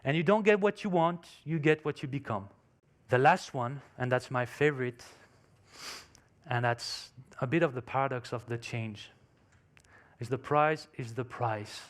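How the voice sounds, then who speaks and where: A man of medium pitch speaks at a normal speed while telling a story during an emphatic motivational conference talk. English is not his first language, and his phrasing is non-native.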